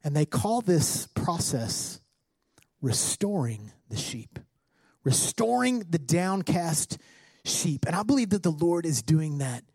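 A male pastor preaching a sermon with passion, climbing toward shouts as he quotes scripture. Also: on the high side, sing-song, slow, husky, no room sound. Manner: impassioned preaching, rising to near-shouts when quoting scripture.

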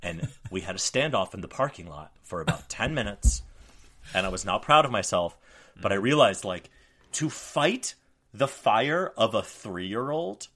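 A man in his forties co-hosting a podcast, telling stories in an animated, profane, self-mocking way. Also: fairly low pitch, measured pace. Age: 40s. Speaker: podcast co-host. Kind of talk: casual chat.

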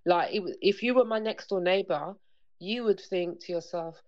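A woman's voice: lowish voice, moderate pace, a little mellow. A woman, guest on an interview show, talking earnestly about parenting and acting out bits of dialogue. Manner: earnest, repetitive, acts out dialogue. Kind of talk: conversational interview. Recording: dull lo-fi sound.

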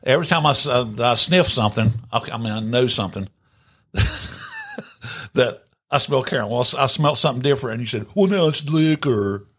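A man's voice: medium pitch, lively intonation, fairly quick, a bit bright. An older man co-hosting a casual podcast, grumbling and playfully indignant. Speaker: podcast co-host. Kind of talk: casual chat.

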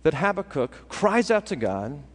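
A man preaching a sermon as pastor, animated and acting out what his listeners think. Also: on the high side, unhurried, slightly rough. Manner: animated, acts out listeners' thoughts. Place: church sanctuary. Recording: long hall reverb.

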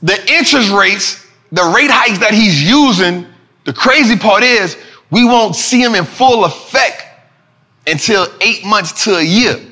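A man hosting a casual finance talk show, animated and preachy, full of slang and repeating lines for emphasis. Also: high voice, unhurried. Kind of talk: casual market commentary.

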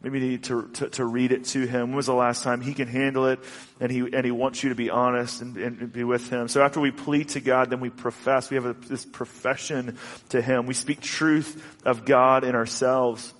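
A man delivers a heartfelt sermon in a church hall, earnest and halting, stumbling over restarts as he speaks. His voice sits in a middle register and rings with a long reverb that fills the hall. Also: medium pitch, flat delivery. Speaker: pastor.

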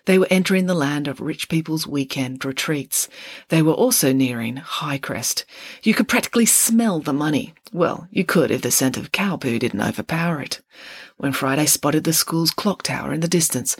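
A woman author reading a chapter of her own story aloud, expressive and playful. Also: deep voice, husky, dry recording.

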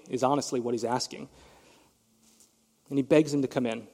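A man's voice: mid-range voice, a little fast, long pauses, darkish tone. A male pastor preaching a sermon, retelling a story with emphasis and speaking directly to his congregation. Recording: long reverb of a large hall.

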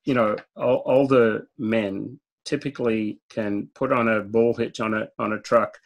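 A man's voice: lowish voice, steady tone, measured pace, vocal fry. A man with an Australian accent, a guest speaker telling stories in a direct, talkative way and laughing at his own jokes. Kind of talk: conversational storytelling interview.

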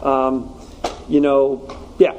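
A man's voice: mid-range voice, monotone, very slow, darkish tone, a little hiss or hum, low-quality recording. A man preaching a casual sermon to a congregation, speaking conversationally with slangy asides. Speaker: pastor.

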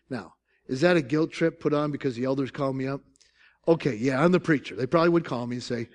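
An older man with an Upstate New York accent, preaching a lively, joking sermon as pastor. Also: medium pitch, fast talker. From Syracuse, New York. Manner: animated, joking storytelling with laughs.

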